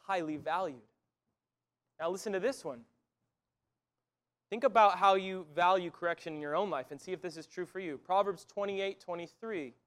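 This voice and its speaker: High-voiced man preaching earnestly. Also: normal speed, pauses often, a bit bright, clear, resonant tone. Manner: earnest, conversational preaching with frequent restarts. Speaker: pastor. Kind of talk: sermon.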